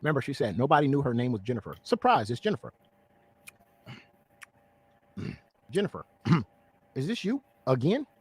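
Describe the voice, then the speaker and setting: A man's voice: mid-range voice, big pitch swings, normal speed, pauses often, husky. A man giving mocking, accusatory commentary while exposing someone in a video.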